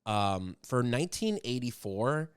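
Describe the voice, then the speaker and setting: A man on a podcast with a smooth, resonant voice, recorded close and dry with no room sound. He tells stories excitedly and gets loud when he quotes someone. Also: mid-range voice, a little slow, no echo. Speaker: podcast co-host. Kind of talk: casual chat.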